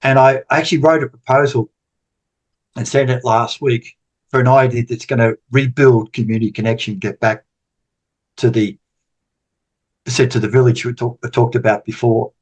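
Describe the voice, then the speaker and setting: A man's voice: mid-range voice, fairly even intonation, moderate pace, long pauses, husky. A man in his sixties, a podcast guest telling stories in casual talk, rambling and repeating words. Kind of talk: casual storytelling interview.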